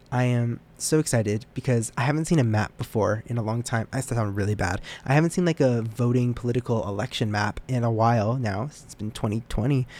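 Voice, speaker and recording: A man's voice: mid-range voice, a little mellow. A young man hosting a casual solo podcast, rambling and self-deprecating, often stumbling over his words. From United States. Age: young adult. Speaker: podcast host.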